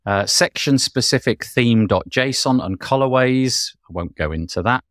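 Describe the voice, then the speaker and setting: A man's voice: mid-range voice, expressive, normal speed, a bit bright, dry recording, studio quality. A man hosting a podcast, chatting about tech news in an enthusiastic, rambling way. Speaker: podcast host. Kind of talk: casual tech news chat.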